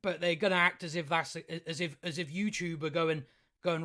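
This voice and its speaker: A man delivers a sarcastic, profane rant for his video channel, his voice sitting a touch higher than most men's. He chuckles at his own points and stumbles through restarts as he goes. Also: fairly even intonation, bright, forceful tone. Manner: halting restarts. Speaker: YouTube commentator. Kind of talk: ranting commentary.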